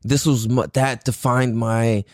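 A man's voice: mid-range voice, fairly even intonation, a little slow, a little mellow, no room sound, clean studio sound. A young man hosting a podcast alone, rambling casually with lots of laughs and slang. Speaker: podcast host. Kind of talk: solo casual podcast chat.

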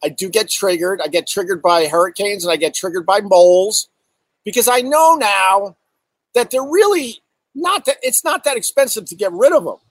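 Middle-aged man comedian, casual storytelling, slightly high voice, dry close sound, animated and profane. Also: normal speed, no echo, rough recording. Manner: animated, profane, acts out exaggerated quotes; reads and answers viewer chat. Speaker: comedian host. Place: outdoors in bright sun.

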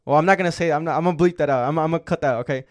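A man's voice: on the high side, rapid-fire. Young man telling a rambling story. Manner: rambling, profane, heavy filler words. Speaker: podcast co-host. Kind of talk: casual chat, storytelling.

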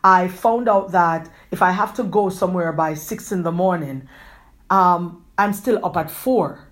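A woman hosts her own podcast, speaking in a slightly low voice. She gives an earnest, rambling pep talk, circling back to the same phrases again and again. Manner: earnest, rambling, repeats herself often; quick talker who gestures a lot. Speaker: podcast host. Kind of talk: encouraging motivational talk.

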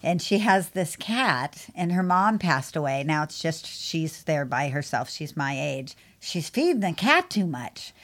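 A woman's voice: low-pitched, sing-song, unhurried, hardly any pauses. A middle-aged woman co-hosting a podcast about pet grooming, chatting casually and laughing often. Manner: chatty, laughs often, mimics her cat meowing. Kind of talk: casual chat.

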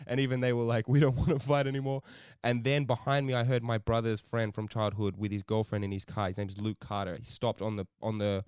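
A man co-hosting a podcast, telling a story in animated, casual chat, swearing often and laughing a lot. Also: fairly low pitch, a little fast, hardly any pauses, smooth, no echo, studio quality. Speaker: podcast co-host.

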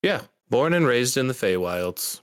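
A man playing in a tabletop game, describing his character in a relaxed, casual way. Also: medium pitch, measured pace, no room sound, clean studio sound. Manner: relaxed, casual, a little crude. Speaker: player.

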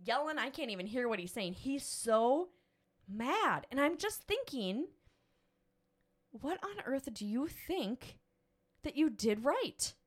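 Mom host talking casually, bouncy expressive voice, acts out people in her stories. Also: high-pitched, slow. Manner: animated storyteller, acts out voices. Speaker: podcast host, mother. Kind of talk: casual chat.

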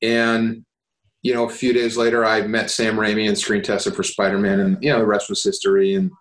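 A man's voice: on the low side, monotone, brisk. Candid actor man in an echoey room. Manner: rambling, profane, self-deprecating. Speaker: actor guest. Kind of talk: candid casual conversation.

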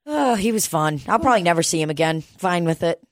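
A woman's voice: lowish voice, expressive, quick pace, no echo, studio quality. A woman, co-hosting a casual chat and telling a story with lots of swearing and laughter. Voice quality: profane, laughs often.

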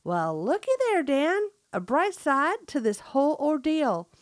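A folksy country farmer drawls out his lines in a high, slowed voice, as a woman puts him on. The put-on Southern rural accent is broad and playful, and the sound is close and dry. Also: sing-song, dry recording. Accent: put-on Southern rural American. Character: folksy rural male farmers chatting in a field.

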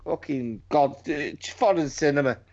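A man's voice: on the high side, moderate pace, darkish tone. A man in casual podcast chat, swearing and repeating himself for emphasis. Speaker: podcast host. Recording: dull lo-fi sound.

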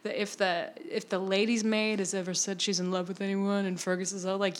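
A podcast co-host, a woman with a mid-range voice, chats casually while recapping a TV episode. Her tone stays level and she talks a little fast, laughing often and keeping things playful.

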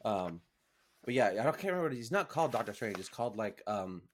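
A man's voice: on the low side, big pitch swings, fast talker, a little hiss or hum. A man co-hosting a podcast, talking casually and hesitantly, full of restarts and "like", defending his opinions. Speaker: podcast co-host. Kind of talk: casual chat.

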